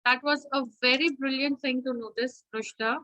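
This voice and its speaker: A woman's voice: high voice, steady tone, moderate pace, pushed and bright, lo-fi sound. A woman teacher leading an online class, firm and instructive, often checking with "okay?", heard over a video call.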